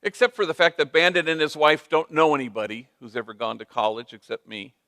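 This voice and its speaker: Brief: male priest telling stories on stage, lively, drops Spanish phrases, dry close sound. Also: fairly high pitch, fairly quick, no echo. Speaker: priest and speaker. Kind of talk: storytelling talk.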